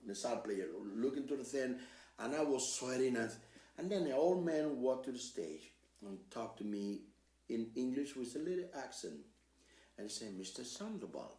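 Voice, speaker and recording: An older man from Cuba with a Cuban Spanish accent, hosting an interview and telling lively stories, acting out the voices of the people in them. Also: moderate pace, echoey room, distant mic. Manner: acts out quoted voices with big swings in pitch and loudness. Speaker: host. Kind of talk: animated storytelling interview.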